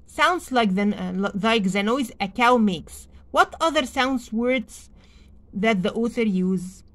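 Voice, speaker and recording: A woman teacher, her first language Arabic, reads a children's story aloud in an unhurried, expressive manner and stops to pose simple questions to young learners. Her voice sits a little high, and she takes her time. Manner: slow, expressive reading with pauses for questions.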